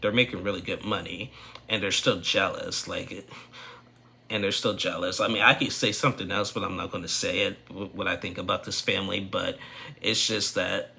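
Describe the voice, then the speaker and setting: Gravelly, chatty man recapping TV. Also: deep voice, fairly even intonation, normal speed, sharp tone, slight background noise. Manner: rambling, opinionated, with frequent restarts and laughs. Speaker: reality TV recap vlogger. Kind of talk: casual opinion recap.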